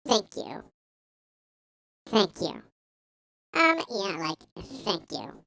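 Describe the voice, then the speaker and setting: A man doing a mocking impression of a young woman politician, drawn-out and full of filler words, into a close mic. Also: extremely high pitch, big pitch swings, a bit bright, clear, resonant tone, voice pushed up, full character voice. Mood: sneering. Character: sneering young woman politician, whiny valley-girl tone. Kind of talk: mocking impression in a podcast rant.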